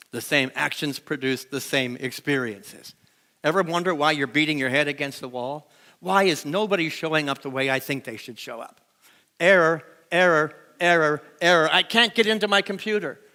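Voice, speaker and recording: A man preaching a sermon to a live congregation, animated, asking the room to repeat lines after him, recorded on a stage microphone in a church sanctuary. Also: high-pitched. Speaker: pastor.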